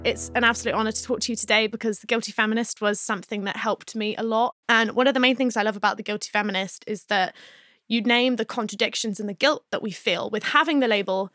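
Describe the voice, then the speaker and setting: A woman hosting a podcast interview, enthusiastic and quick to laugh. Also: fairly high pitch, a bit bright, no echo, clean studio sound. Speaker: podcast host.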